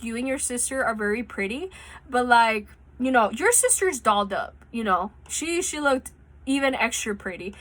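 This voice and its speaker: A woman's voice: a little high, pushed and bright. A young woman vlogger telling a rambling personal story in casual, chatty talk, swearing freely, recorded on a phone. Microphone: phone mic.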